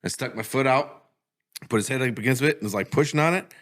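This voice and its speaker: A man's voice: medium pitch, fast talker. A man co-hosting a casual comedy podcast, recounting an absurd story with swearing and chuckles. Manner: profane, chuckling, deadpan about an absurd story. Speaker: podcast co-host. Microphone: studio podcast mic.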